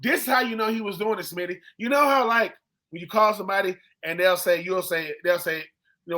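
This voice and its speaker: A man with a high, bright voice spins a casual story on a sports podcast. He slips into the voices of the people he quotes. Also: brisk. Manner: animated storyteller who acts out quoted people. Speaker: co-host, former football player.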